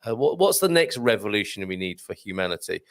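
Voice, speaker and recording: A man hosts a relaxed live show in a chatty, jokey way, with a mid-pitched voice that rises and falls a great deal. He reads viewers' comments aloud and banters with his guest. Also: quick pace. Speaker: host. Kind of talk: casual live-stream chat.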